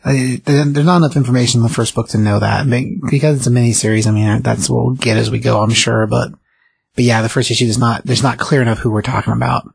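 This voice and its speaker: A man discussing a comic book in casual chat, measured and thoughtful. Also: mid-range voice, steady tone, gravelly, husky, no echo.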